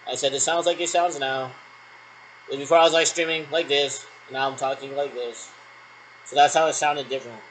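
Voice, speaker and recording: A man's voice: medium pitch, fairly even intonation, brisk, long pauses, a little hiss or hum, low-quality recording. A man in a rambling solo monologue who repeats himself and answers his own questions.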